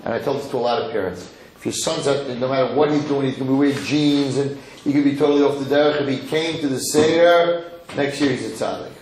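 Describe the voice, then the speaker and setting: A man giving a lively Torah lecture as a rabbi, emphatic and given to repeating words as he builds to a story. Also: mid-range voice, quick pace. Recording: roomy hall with faint noise.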